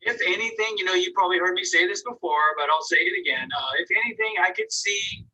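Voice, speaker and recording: A man's voice: high voice, fast talker, sharp tone, recorded from a distance, poor audio. A man teaching an online painting class, giving casual, encouraging critiques of students' work and thinking aloud as he goes. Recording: voice from away from the mic.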